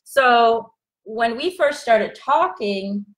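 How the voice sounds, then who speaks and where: A woman in her thirties telling a personal story in a casual live chat, animated and laughing often. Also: a little high, extremely slow. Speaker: vlog host.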